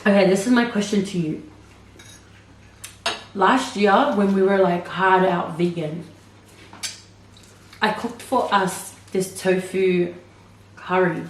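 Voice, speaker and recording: A woman chatting at an easy, unhurried pace while she eats on camera, playful and teasing, laughing as she talks. Her voice carries some room echo, with a faint hiss underneath. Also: mid-range voice, steady tone, distant mic. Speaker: vlog co-host. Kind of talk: casual mukbang chat.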